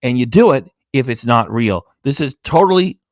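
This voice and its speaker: A man's voice: medium pitch, lively intonation, normal speed, dry recording, clean studio sound. Tired, sarcastic man ranting on a stream. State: tired, low energy. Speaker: reaction channel host. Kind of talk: reaction commentary on a live stream. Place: home studio with green screen.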